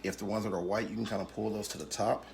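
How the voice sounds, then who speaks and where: Gravelly-voiced chef teaching a cooking class. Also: male voice, fairly low pitch, quick pace, slight background noise. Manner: calm step-by-step instruction. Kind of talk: live online cooking class.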